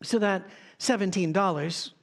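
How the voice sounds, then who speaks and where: Male pastor, slightly high voice, conversational sermon with frequent restarts, on a church sound stage. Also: a little slow.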